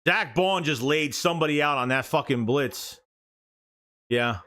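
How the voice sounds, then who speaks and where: A man's voice: on the high side, measured pace. A man calling a football game live as a fan streamer, cursing freely and getting worked up over bad plays. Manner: profane, excitable, yells at bad plays. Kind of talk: live fan reaction play-by-play.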